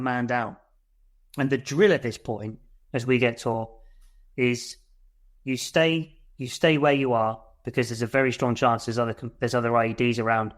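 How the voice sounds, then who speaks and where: Blunt ex-soldier telling a war story. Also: male voice, medium pitch. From United Kingdom. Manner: blunt and swearing, re-enacts his shouts. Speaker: military veteran guest.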